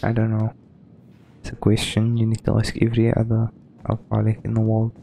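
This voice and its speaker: Dude with a low gravelly voice doing a chill let's play, rambles, says um and like a ton. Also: male voice, completely flat delivery, brisk, mellow, slight background noise. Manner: rambling, hesitant, lots of um and like. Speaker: gaming streamer. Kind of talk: casual let's-play commentary.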